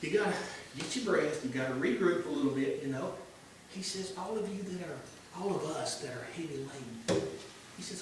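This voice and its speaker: A man with a drawl preaches to a church class in a folksy, earnest way. His voice sits a little high. It is picked up from far off in a very echoey room, with a steady hiss of noise underneath. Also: fairly quick. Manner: earnest and folksy, swinging between hushed and emphatic. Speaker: church teacher. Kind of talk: informal sermon.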